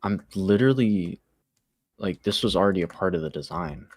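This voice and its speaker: Very deep-voiced man teasing a friend. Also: normal speed. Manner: teasing storyteller, rambling with restarts. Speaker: streamer. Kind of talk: casual gaming chat.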